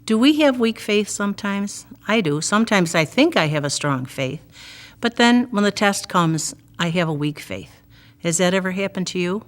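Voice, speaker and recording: A woman's voice: medium pitch, lively intonation, moderate pace. A Catholic sister giving a devotional gospel reflection, retelling the story vividly and asking her listeners direct questions.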